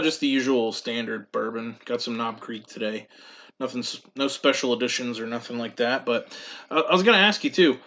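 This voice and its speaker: A man's voice: fairly high pitch, bright, forceful tone, highs cut off. A man co-hosting a podcast in easygoing, rambling chat with self-deprecating humor. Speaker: podcast co-host. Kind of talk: casual chat.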